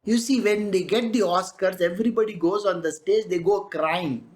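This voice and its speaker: Spiritual teacher, Indian English accent, devotional discourse, animated, laughs often, Hindi asides, acts out quoted people, medium pitch. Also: moderate pace.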